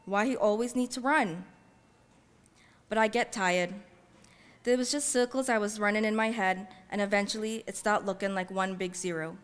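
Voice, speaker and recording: A woman author reading her fiction aloud in a measured, heartfelt first-person voice, using Caribbean-English dialect. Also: medium pitch, fairly even intonation, clear, resonant tone. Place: library event space. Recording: long reverb from a large hall.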